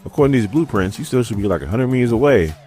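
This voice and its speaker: A man voicing a fussy older male butler in his own voice, quick and baffled. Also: mid-range voice, animated, warm tone, soft background music, natural voice. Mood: puzzled.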